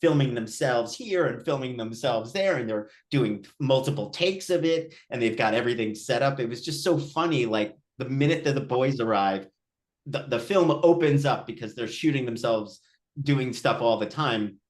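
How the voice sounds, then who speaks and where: A man's voice: mid-range voice, moderate pace. A male film director at a post-screening Q&A, telling a story casually, acting out quoted voices, with many restarts. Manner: animated, acts out quotes, frequent restarts.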